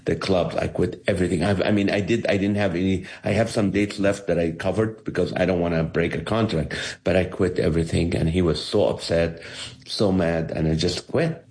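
A man's voice: low-pitched, moderate pace. A middle-aged man from the Middle East, a comedian telling his story in an interview and acting out the voices he quotes. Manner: animated, acts out quoted voices. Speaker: comedian guest.

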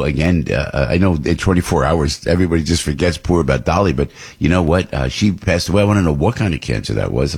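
Low husky-voiced talk radio man. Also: a little mellow. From New Jersey. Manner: rambling, with many restarts and repeats. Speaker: radio talk show host. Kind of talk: opinionated talk radio commentary.

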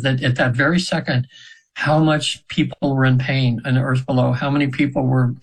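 A rough recording carries a mid-range male voice with a breathy edge. The speaker, a man in his seventies, is a guest on a radio show telling a long, rambling personal story in a casual interview, restarting often and using lots of fillers.

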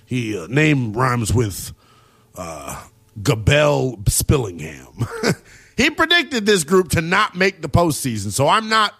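A man hosting a late-night sports talk radio show, brash and quick to tease callers. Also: a little high, sharp tone, husky.

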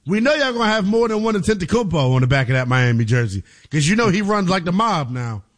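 A man's voice: high voice, sing-song, fast talker. A man hosting a late-night sports radio call-in show, teasing callers and using slang.

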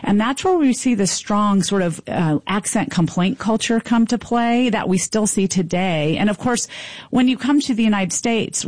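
A woman professor explaining her field on a radio interview. She speaks fluently at a middle pitch. The recording is dry and close. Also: darkish tone, no echo. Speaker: linguistics professor guest.

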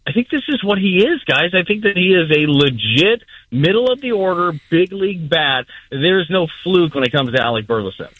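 Male radio baseball analyst, brisk and fluent, dry close sound. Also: high-pitched, no room sound, poor audio. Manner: energetic, conversational, fluent breakdowns. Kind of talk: radio sports talk.

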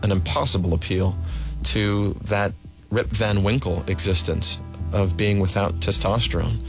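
A man speaks reflectively in an interview, hesitant and searching for words. His voice sits fairly low, and music is clearly heard behind him. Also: steady tone, unhurried. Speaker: guest.

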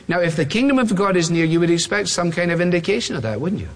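A man preaching an expository sermon, emphatic and repetitive, slowing down to read scripture quotes aloud. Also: sits high, expressive, long reverb tail. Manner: emphatic, repeats phrases, slows for scripture quotes.

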